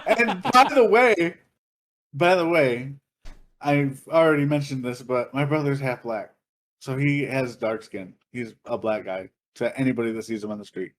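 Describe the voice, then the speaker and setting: A man's voice: medium pitch, moderate pace. A man on a podcast telling a long story in a casual, profane, laughing way. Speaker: podcast co-host.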